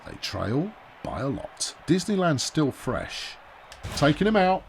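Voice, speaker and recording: This let's-play host talks through a baseball video game with wry, chatty remarks, frequently addressing himself. His voice runs on the high side and sing-song, at a measured pace, with slight background noise.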